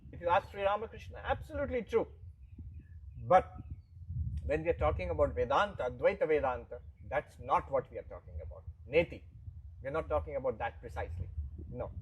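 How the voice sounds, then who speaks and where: A man's voice: on the high side, slight background noise, low-quality recording. A monk giving a spiritual lecture. He explains patiently, repeats his points and acts out the voices he quotes. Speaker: monk teaching philosophy.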